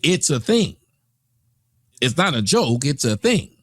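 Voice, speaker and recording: A man's voice: medium pitch, big pitch swings, takes it slowly, a bit bright, no echo. An American man hosting a reaction stream, ranting with profane, scornful commentary. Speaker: reaction channel host.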